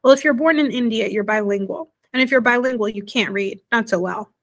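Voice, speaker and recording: A woman voicing a nervous, boastful ten-year-old boy who speaks in a hushed, hoarse whisper that trembles a little. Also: fairly high pitch, a little fast. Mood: eager, boastful.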